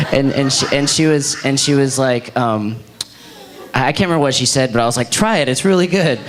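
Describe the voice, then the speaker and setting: A man's voice: mid-range voice, normal speed. A young man, a worship leader, telling a story to a youth group and acting out the dialogue with laughter. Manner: animated, laughing, acts out the dialogue.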